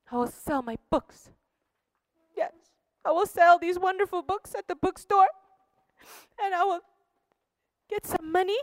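A woman's voice: very high voice, no echo, studio quality, pitched above the performer's own voice. A woman playing an earnest young male student who is pious and anxious, pleading and sighing.

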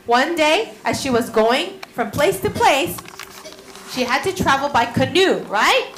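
A woman teaching children, telling a story in a lively way and asking them questions. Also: high-pitched, unhurried, reverberant, a little hiss or hum, poor audio. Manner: animated, asks the children questions.

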